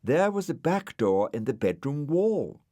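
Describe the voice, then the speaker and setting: A man narrating a children's storybook aloud with gentle expression. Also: on the high side, very animated, a little slow, no echo, clean studio sound. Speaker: audiobook narrator. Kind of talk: storybook reading.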